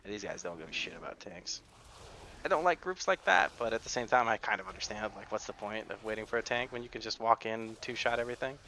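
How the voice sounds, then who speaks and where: Gamer guy, male, low voice, bright and forceful, American accent, non-native English speaker, rambling gameplay commentary. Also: lively intonation, fast talker, slight background noise. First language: not English. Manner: chatty, rambling asides while playing. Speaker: gaming video creator.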